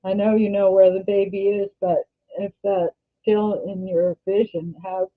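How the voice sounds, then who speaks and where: An older Canadian woman hosting a casual livestream, talking in a rambling, halting way and often restarting her sentences. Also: mid-range voice, flat delivery. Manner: rambling, halting, self-correcting. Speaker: livestream host. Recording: tinny phone-like sound.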